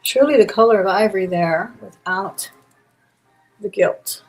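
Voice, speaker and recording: A woman's voice: mid-range voice, unhurried. Chatty woman selling jewelry live. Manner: chatty, describes pieces while handling them. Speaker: auction host. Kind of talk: live-stream jewelry sale. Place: indoor room. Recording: roomy echo, faint music behind.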